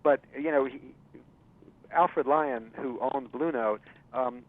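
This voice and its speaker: On a tinny phone line, a jazz writer appears as a guest on a radio interview, telling a long story full of fillers and restarts. His voice sits at a medium pitch and moves at a slow pace.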